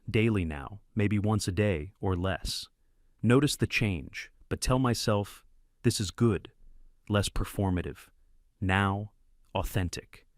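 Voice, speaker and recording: A man reads a first-person story aloud in short, clipped fragments. His voice sits on the low side. The recording is dry and close, with no room sound. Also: no echo. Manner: terse, clipped sentence fragments. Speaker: narrator.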